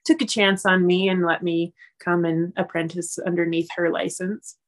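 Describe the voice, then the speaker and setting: A chatty woman in her forties from Wyoming, talking with a slightly low voice. She laughs easily and fills her pauses with ums as she reminisces in relaxed conversation. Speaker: guest. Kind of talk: casual conversation.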